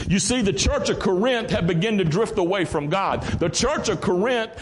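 Lively Southern preacher in a reverberant church. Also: male voice, sits high, normal speed, few pauses, breathy edge. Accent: Southern American. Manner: folksy, preacherly, calls out "Amen?" to the congregation. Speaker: pastor. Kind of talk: sermon. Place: church sanctuary. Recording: church hall with long reverb.

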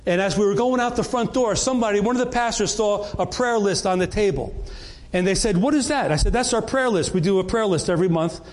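A man's voice: high voice, fast talker, darkish tone. A middle-aged man, preaching a sermon to his congregation in an earnest, conversational way with frequent restarts. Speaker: pastor.

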